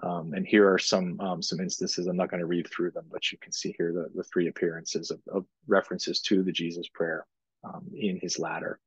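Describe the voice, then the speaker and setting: A man with a very low, husky voice gives a slide lecture, pausing often with ums and starting phrases over. The recording is dry and lo-fi, with a dull, muffled top end. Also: flat delivery, no room sound. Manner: halting, many ums and restarts.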